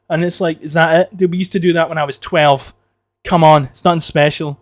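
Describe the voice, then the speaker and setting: A man's voice: fairly high pitch, fairly even intonation, fairly quick. Profane man ranting casually. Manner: rambling, profane, joking ranting. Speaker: podcast host. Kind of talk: casual solo podcast monologue.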